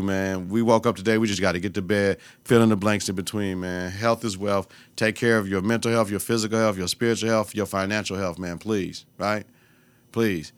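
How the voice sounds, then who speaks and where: A young adult man hosting his own podcast, talking in a loose, profane, animated way and breaking into laughter as he tells stories. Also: fairly low pitch, dry recording. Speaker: podcast host. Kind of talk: casual solo podcast rant.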